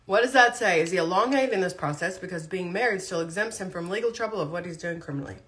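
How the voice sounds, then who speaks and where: A woman's voice: lowish voice, quick pace, a bit bright. A woman talking casually on a livestream, blunt and chatty, chewing food as she speaks. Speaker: vlogger.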